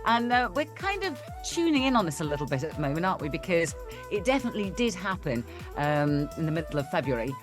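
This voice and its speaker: A British woman co-hosting a weather show, talking in a relaxed, conversational way. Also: lowish voice, quick pace, music in the background. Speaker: weather presenter. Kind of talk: casual co-host chat.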